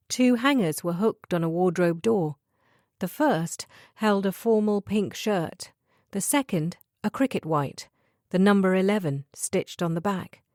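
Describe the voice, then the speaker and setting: A woman narrating a thriller audiobook in a measured, even reading style. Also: fairly low pitch, dry recording, clean studio sound. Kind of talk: scripted narration.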